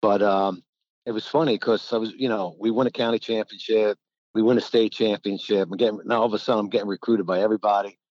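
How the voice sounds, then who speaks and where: Older New guy, low voice, chatty storyteller, dull lo-fi recording. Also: fast talker, no echo. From New Jersey. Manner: rambling, animated, acts out quotes. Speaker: guest, former college basketball player. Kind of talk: casual storytelling.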